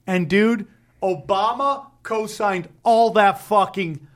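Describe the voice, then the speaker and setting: A man with a fairly high voice launches into a heated, rambling rant. He swears constantly and keeps piling one claim onto the next in loose podcast chat. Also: slow pace. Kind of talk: casual profane chat.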